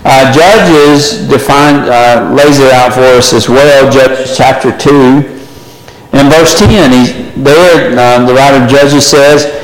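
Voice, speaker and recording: Recorded from a distance in an echoey hall, this man teaches a Bible study slowly in a mid-range voice. His style is chatty and questioning, with regular "right?" check-ins with the class.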